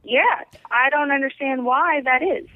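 A woman's voice: high-pitched, unhurried, no echo. A woman co-hosting a podcast with dry, teasing, matter-of-fact remarks. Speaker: podcast co-host. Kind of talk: casual podcast chat. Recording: tinny phone line.

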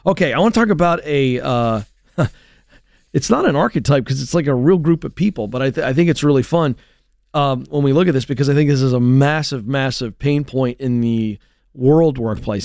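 A man's voice: medium pitch, fairly quick, darkish tone, no echo. A middle-aged man hosting a talk show, speaking in an emphatic, storytelling manner into a studio mic. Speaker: host.

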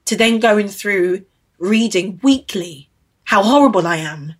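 A woman's voice: medium pitch, expressive, unhurried, breathy edge. A woman in her thirties from Britain, speaking as an interview guest, earnest and emotional, repeating phrases for emphasis. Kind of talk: candid interview.

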